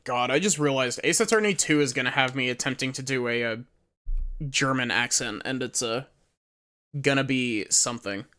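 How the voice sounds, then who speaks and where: A young woman streamer making chatty, halting asides while playing a game, over game music. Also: very deep voice, fairly bright tone. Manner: chatty, hesitant asides, trailing off. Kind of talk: casual livestream commentary.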